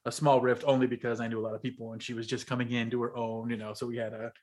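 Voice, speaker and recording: A man's voice: mid-range voice, flat delivery, very fast, a little mellow. A man hosting a podcast in casual chat, telling stories with lots of laughter and swearing. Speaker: podcast host.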